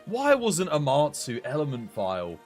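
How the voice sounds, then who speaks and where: A young man commenting live on a game he plays, muttering low at times and breaking into shouted excitement. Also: normal speed, faint music behind. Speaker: streamer.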